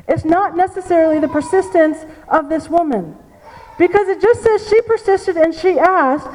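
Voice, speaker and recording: High-pitched woman preaching in a hall. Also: a little mellow. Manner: storytelling, repeats key phrases for emphasis. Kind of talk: sermon with personal story. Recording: long reverb of a large hall.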